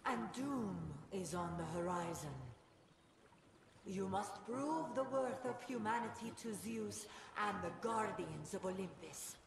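A portentous oracle of Olympus for a video game. She speaks slowly with a gravelly edge. The sound is roomy with a long reverb, and the game's ambience plays loudly behind her. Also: mid-range voice, animated, a crowd in the background. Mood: ominous. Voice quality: slow, grave, portentous delivery. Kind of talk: game character dialogue.

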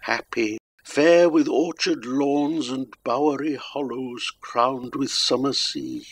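A dying old king says farewell in a very slow, grave and sorrowful voice, as a male reader gives his lines. The tone is tender and weary. The voice sits at a middle pitch for a man. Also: lively intonation.

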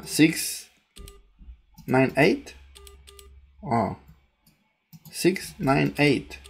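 Excitable, gravelly gamer voice. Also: mid-range voice. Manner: excitable, panicky, laughs often. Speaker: gaming channel host. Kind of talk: gameplay commentary.

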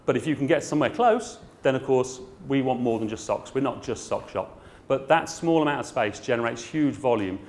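A man's voice: mid-range voice, expressive, a little fast, slight background noise. Frank, jokey man giving a talk. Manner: frank, chatty and jokey, with dry asides. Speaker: garden centre owner speaking at a trade show. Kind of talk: trade show talk to an audience.

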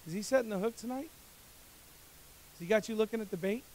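A man preaching as a pastor, moving from hushed, confiding passages to loud, climbing exhortations. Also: high-pitched, fast, a little hiss or hum. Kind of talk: sermon.

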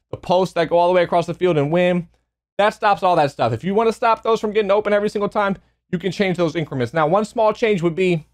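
A young man giving a casual, emphatic gameplay review as a gaming YouTuber, a little out of breath, often repeating and restarting phrases. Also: on the high side. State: slightly out of breath.

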